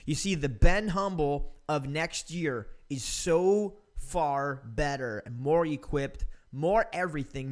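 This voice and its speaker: A man's voice: fairly high pitch, a bit bright. A man in his thirties hosting a podcast, talking in an upbeat, emphatic, motivational way. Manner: upbeat, emphatic, calls listener "dude" and "man". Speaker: podcast host. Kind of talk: casual motivational interview talk.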